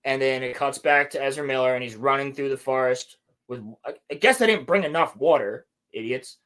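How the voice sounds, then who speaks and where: A man's voice: medium pitch, a little fast, a bit bright. A man hosting a podcast, recapping a show in a rambling, sarcastic, casual way with some swearing. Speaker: podcast host reviewing a show. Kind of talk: casual chat.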